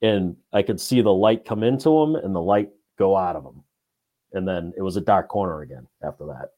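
A man in casual chat, telling a ghost story in a relaxed way with lots of "you know" fillers. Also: low voice, a little fast, highs cut off. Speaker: podcast guest.

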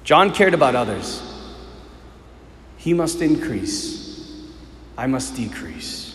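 A Catholic priest preaching a sermon in a church. He tells stories with animation, swells into fervent appeals, and drops to hushed questions. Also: mid-range voice, big pitch swings, slow. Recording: long reverb of a large hall.

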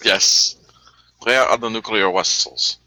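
A man's voice: on the low side, slow, bright, forceful tone, no echo, poor audio. A man playing in a tabletop game over an online call, chatty, with some hesitation when deciding. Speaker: player. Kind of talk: casual tabletop role-play.

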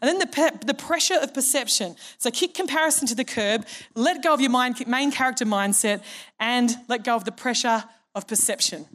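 A woman's voice: on the high side, brisk, fairly bright tone. Woman pastor preaching. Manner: conversational and humorous, acts out quoted voices. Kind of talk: sermon.

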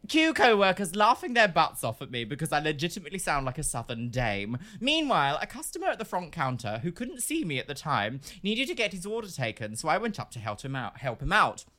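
Animated, bright-voiced woman storyteller. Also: deep voice, brisk, hardly any pauses. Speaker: podcast co-host reading listener stories. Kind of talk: casual chat and reading stories aloud.

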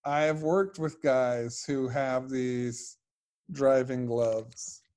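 A man bantering on a podcast in relaxed, casual chat, his voice at an everyday middle pitch. He riffs easily and tosses in playful asides. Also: very slow. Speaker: podcast co-host.

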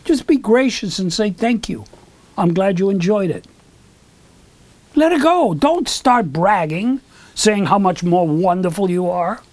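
A man's voice: sits high, a little slow, no echo. An older man telling stories as an interview guest, rambling with asides and acting out the voices of people he quotes. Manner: animated, acts out quoted dialogue. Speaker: guest, recording engineer. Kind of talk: storytelling in an interview.

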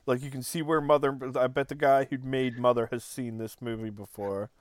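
A man co-hosting a podcast, chatting casually about a film, animated and acting out quotes with lots of "like". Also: medium pitch, a little fast, dry recording. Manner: animated, acts out quotes, frequent "like". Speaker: podcast co-host.

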